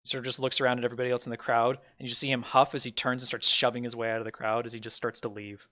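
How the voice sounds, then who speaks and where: A man's voice: mid-range voice, little pitch movement, very fast, bright, forceful tone. A man narrating a tabletop game as game master in a casual, loose way. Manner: casual narration with fillers, swearing.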